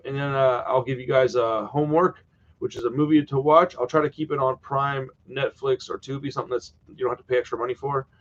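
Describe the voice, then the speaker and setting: A man's voice: mid-range voice, lo-fi sound. A man hosting a horror live stream, chatting casually and wandering off topic from home. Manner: rambling, easily sidetracked, chatty.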